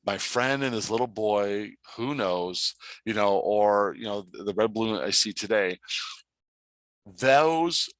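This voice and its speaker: Animated, bright-voiced man telling a story. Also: a little slow, no room sound. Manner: lively, acts out quoted voices with big pitch jumps. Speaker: podcast guest, life coach.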